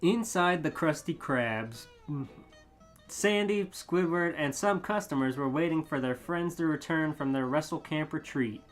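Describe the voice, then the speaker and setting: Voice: mid-range voice, normal speed, soft background music. A podcast co-host chatting casually and reading fanfiction aloud, laughing often and rambling.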